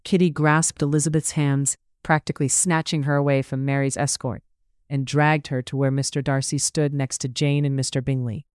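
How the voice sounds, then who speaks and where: Measured audiobook narrator, smooth clean tone, dry studio sound. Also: medium pitch, flat delivery, a little mellow, dry recording.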